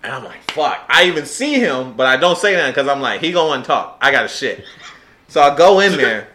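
A man in casual chat, telling a profane, animated story and acting out his own quotes. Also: mid-range voice, brisk, a little hiss or hum.

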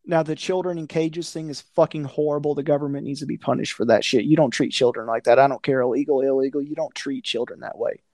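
A man's voice: medium pitch, fairly even intonation, fast talker, hardly any pauses, a little mellow, no echo, clean studio sound. A man in casual conversation, blunt and profane, ranting with a conspiratorial tone. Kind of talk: casual chat.

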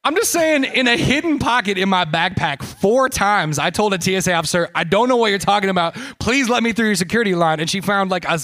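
A man with a rather high voice tells a long comic story on a live podcast stage. He rambles and restarts, swearing freely and mocking himself along the way. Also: animated, quick pace, hardly any pauses, a bit bright.

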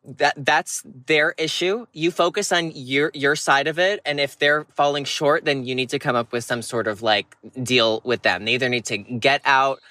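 A man's voice: medium pitch, moderate pace, pushed and bright, no echo. Brash, profane man ranting advice. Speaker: advice podcast co-host. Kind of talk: casual advice chat.

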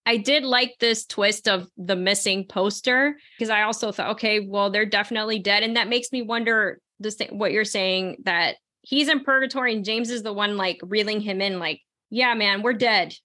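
A woman's voice: medium pitch, moderate pace, hardly any pauses, sharp tone. A woman hosting a podcast in casual chat, rambling and laughing as she talks. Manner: chatty, rambling, laughs often. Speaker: podcast host.

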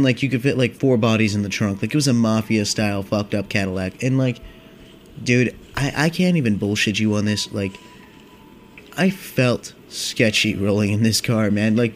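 A man in his twenties tells a long, casual story in a lowish voice. He rambles and swears freely, filling his talk with "like" and "dude". A faint hum sits under his voice. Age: 20s. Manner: rambling, profane, filler-heavy with constant "like" and "dude". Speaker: vlogger.

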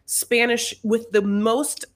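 A woman's voice: a little high, flat delivery, slow pace. A woman co-hosting a podcast, chatting casually about a reality show, hesitant and trailing off with fillers. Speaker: podcast co-host.

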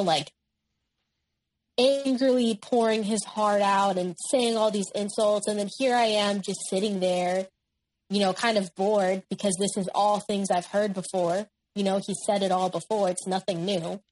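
A woman's voice: medium pitch, rough recording. A nineteen-year-old woman, a guest in an interview, recounting a personal story in a candid, matter-of-fact way.

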